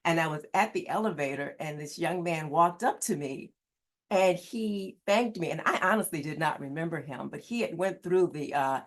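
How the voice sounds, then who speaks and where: A woman's voice: low-pitched, a little fast, few pauses. A woman gives an earnest prepared talk to new students. She stresses key words and repeats them for emphasis. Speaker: standardized patient. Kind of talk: prepared presentation.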